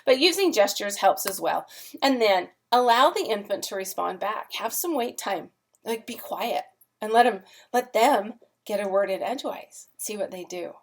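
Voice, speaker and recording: A woman's voice: mid-range voice, lively intonation, moderate pace. Chatty woman teacher giving a lecture. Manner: friendly, chatty, lots of "um" fillers, demonstrates sing-song parent talk. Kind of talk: recorded classroom lecture.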